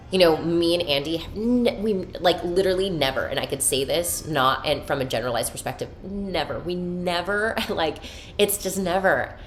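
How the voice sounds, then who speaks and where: A woman's voice: low-pitched, a little hiss or hum. A woman hosting a podcast, talking candidly and emotionally about her inner life, swearing freely and using spiritual self-help language. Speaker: podcast host. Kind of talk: candid personal monologue.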